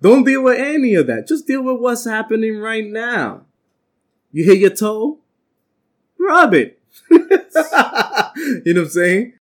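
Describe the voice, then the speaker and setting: A man's voice: high voice, slow, pauses often. A man teaching an informal bible class, telling stories from his working life and acting out the voices of the people in them. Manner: animated, acts out quoted voices, streetwise New York slang.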